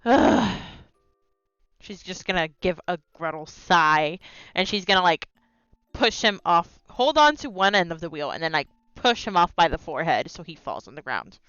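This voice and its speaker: A woman's voice: lowish voice, big pitch swings, moderate pace, pushed and bright, smooth, dry recording, highs cut off. A woman player in a tabletop game, describing her character's actions. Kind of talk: tabletop role-play.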